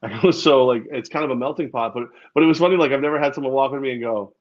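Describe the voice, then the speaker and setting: A man's voice: medium pitch, racing, hardly any pauses. Man with a dull lo-fi sound. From New York State, outside the city. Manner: rambling, hesitant, laughs often. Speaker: co-host. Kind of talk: casual sports chat.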